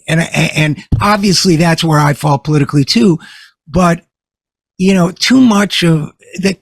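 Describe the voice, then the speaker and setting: A male interview host with a husky, somewhat high voice, telling stories in a relaxed conversational way. His voice sounds dry and close, with no room around it. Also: a little slow, no echo. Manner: conversational storyteller, animated. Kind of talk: political interview.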